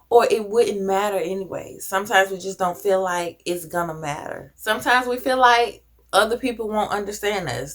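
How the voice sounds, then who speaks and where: A woman's voice: on the low side, a bit bright. A woman vlogger talking earnestly to camera, giving conversational advice with casual slang. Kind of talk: reflective personal talk to camera.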